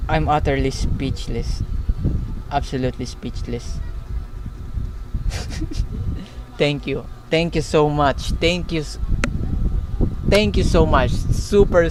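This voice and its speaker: Young man, streamer, slow halting delivery, slightly high voice, stammering thanks, steady background noise. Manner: stunned and overjoyed, stammering thanks. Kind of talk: live stream chat.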